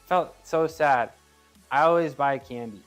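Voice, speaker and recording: A man's voice: on the high side, measured pace, soft background music. A man chatting casually with his live-stream viewers as he trains, laughing easily and often restarting his phrases. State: working out. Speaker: streamer reading chat.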